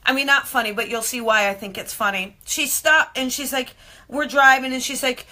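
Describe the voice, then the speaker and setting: A woman who hosts a live-streamed show as a medium tells stories in a lively, chatty way and acts out the people in them. Her voice is bright and sits a little high, and she talks close to the mic. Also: moderate pace. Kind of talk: live-streamed casual storytelling.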